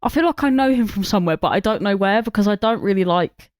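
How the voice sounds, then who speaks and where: A young co-host chatting about a show with lots of swearing, excited restarts and fillers. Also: medium pitch, fast talker, dry recording, clean studio sound. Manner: animated, sweary, restarts often. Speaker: podcast co-host. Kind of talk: casual film chat.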